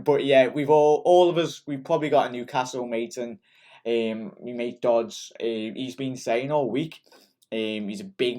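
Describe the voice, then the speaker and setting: A young man from Liverpool with a Scouse accent, chatting excitedly and rambling through viewer comments after a match. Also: mid-range voice. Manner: excitable and rambling, many ums and restarts. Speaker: football fan channel host. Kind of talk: casual post-match chat reading comments.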